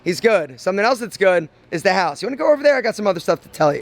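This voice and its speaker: A man's voice: high-pitched, very animated, very fast, few pauses. A man telling a personal story on his vlog, emotional and rambling, with lots of fillers. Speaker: vlog host.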